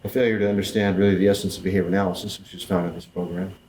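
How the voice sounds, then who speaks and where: A man speaking thoughtfully in an interview, measured and pausing often with fillers. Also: deep voice, level tone, darkish tone, slight background noise, rough recording. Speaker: interviewee in documentary footage. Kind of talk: reflective interview talk.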